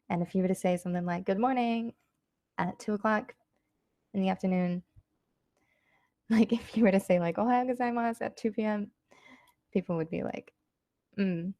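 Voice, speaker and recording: Gravelly, mellow-voiced woman teaching casually. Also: mid-range voice, no room sound, clean studio sound. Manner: loose and chatty, lots of "um" and "like"; says Japanese phrases slowly and clearly. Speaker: Japanese language teacher. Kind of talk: casual online lesson.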